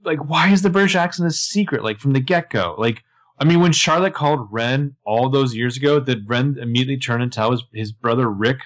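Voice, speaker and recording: A man's voice: medium pitch, brisk. A man co-hosting a casual TV recap podcast, chatty and analytical with lots of filler words. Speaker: podcast co-host.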